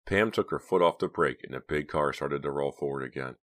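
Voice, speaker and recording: A man reads a novel aloud with a strikingly deep, low voice. His delivery is measured and steady, in the manner of a scripted audiobook narration.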